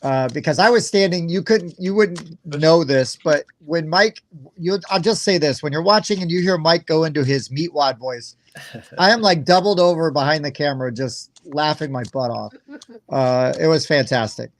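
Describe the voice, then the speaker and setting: Chatty man with a higher voice. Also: normal speed. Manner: rambling, laughs easily. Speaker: co-host. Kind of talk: casual chat.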